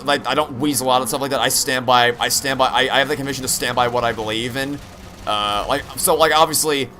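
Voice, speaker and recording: A man's voice: medium pitch, sharp tone. A young man streaming a game, rambling candidly with frequent restarts and profanity. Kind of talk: live-stream chat while gaming.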